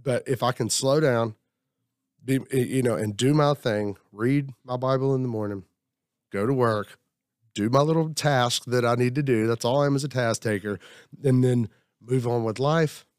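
A man's voice: medium pitch, moderate pace, a little mellow, smooth, no room sound, studio quality. A man talking about his week at a table, rambling and acting out what others said. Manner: rambling, self-reflective, acts out quotes. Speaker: group member sharing. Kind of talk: casual group talk.

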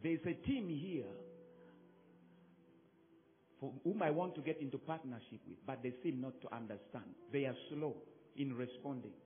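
A male pastor, preaching emphatically to his congregation, swinging from loud calls to soft drops. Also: medium pitch, normal speed, pauses often, faint music behind. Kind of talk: sermon. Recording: phone-like narrow sound.

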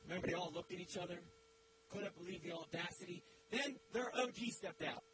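A guest preacher with a high voice delivers a church sermon a little fast, telling a story with dramatic, swelling emphasis. Beneath the recording runs a loud, steady hum.

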